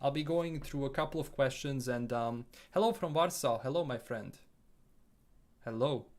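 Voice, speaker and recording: A man's voice: medium pitch, moderate pace, a little mellow. A man from Bosnia with a Bosnian accent, casually reading viewer comments aloud and answering them on a live stream.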